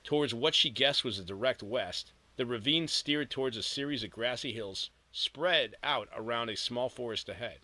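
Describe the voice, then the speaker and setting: A man narrating an audiobook in a steady storytelling read with vivid emphasis. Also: mid-range voice, normal speed, hardly any pauses, dry recording, poor audio.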